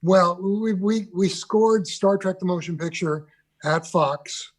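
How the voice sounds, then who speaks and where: A man's voice: sits high, takes it slowly. An older man, a guest on a video call interview, reminiscing about recording sessions with loose restarts. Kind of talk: conversational interview.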